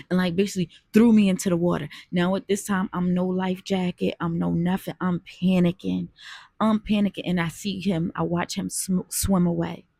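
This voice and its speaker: A woman's voice: medium pitch, creaky, mellow, husky, no echo, studio quality. A woman telling a personal story in an earnest, conversational way, talking straight to her viewers. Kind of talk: casual storytime monologue.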